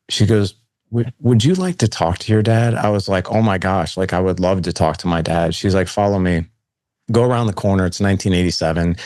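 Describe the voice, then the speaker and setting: Middle-aged male guest, deep voice, candid storyteller, dry close recording. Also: no echo. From St. Louis, USA. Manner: candid, conversational, acts out quoted dialogue. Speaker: podcast guest. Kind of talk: personal storytelling interview.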